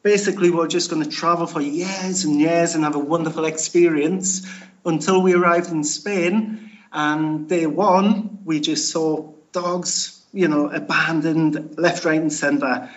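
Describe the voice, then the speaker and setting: A man's voice: on the high side, fairly even intonation, unhurried, dull audio. A man from Newcastle with a Geordie accent, chatting casually as an interview guest and laughing at himself. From Newcastle, England. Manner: chatty, self-deprecating, laughs often.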